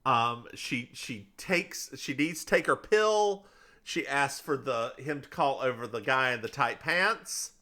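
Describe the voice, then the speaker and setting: Bright-voiced man recapping a TV episode. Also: medium pitch, lively intonation, measured pace. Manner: playful, jokey, recapping plot. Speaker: podcast co-host. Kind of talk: casual recap chat.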